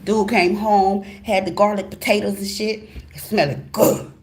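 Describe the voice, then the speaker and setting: Animated, profane woman telling a story. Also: mid-range voice, unhurried. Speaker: tarot channel host. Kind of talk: storytime monologue.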